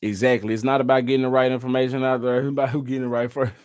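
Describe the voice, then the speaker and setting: A man's voice: mid-range voice, level tone, racing, darkish tone, clear, resonant tone, no echo, studio quality. A man vlogging casually and reacting to clips, slangy and loose. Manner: laid-back, slangy and loose.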